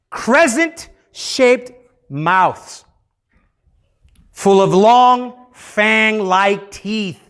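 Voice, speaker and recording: A man's voice: high-pitched, a bit bright. A man leading youth group teaching in a playful, interactive way, having the room repeat key words.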